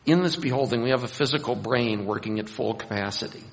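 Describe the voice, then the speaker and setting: A man preaching a Bible sermon, animated, acting out scenes and raising his voice for emphasis. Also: mid-range voice, fast. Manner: animated, acts out scenes with rising voice. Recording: long hall reverb.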